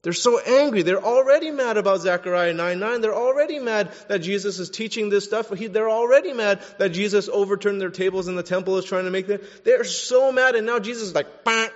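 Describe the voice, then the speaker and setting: A male pastor giving a sermon in a conversational, animated style, with casual fillers. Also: high-pitched, a little fast, few pauses. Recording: dull audio with long reverb in a hall.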